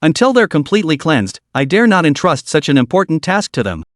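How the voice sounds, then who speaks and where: A man voicing a cold, scheming divine apparition who speaks in a measured tone, with a lively voice on a dry recording. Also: fairly high pitch, no echo.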